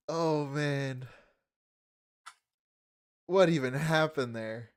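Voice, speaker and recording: A man's voice: a little high, clear, resonant tone, no echo, clean studio sound. A man streaming, reacting to a clip with casual commentary and laughing, mocking asides.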